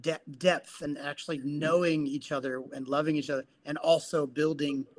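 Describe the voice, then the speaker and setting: Guy talking on a podcast, earnest and thoughtful, kinda high voice. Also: fairly even intonation, normal speed. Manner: earnest and reflective, with fillers. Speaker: guest, men's coach and psychotherapist. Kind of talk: casual interview talk.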